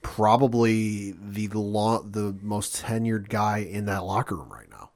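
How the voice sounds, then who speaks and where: Relaxed man co-hosting a casual chat. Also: fairly low pitch, a little slow. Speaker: podcast co-host.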